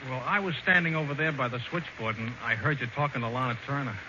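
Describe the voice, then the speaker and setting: A man's voice: medium pitch, fast talker, natural voice. A young man playing an earnest, lovesick suitor in a 1940s radio comedy, pleading eagerly. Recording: muffled hissy 1940s radio broadcast.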